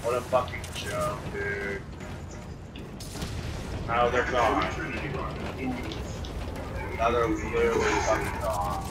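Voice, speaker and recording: A young man giving casual, profane, excitable commentary on his own gameplay, talking to viewers. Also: on the low side, takes it slowly, pauses often, very noisy. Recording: loud game gunfire behind.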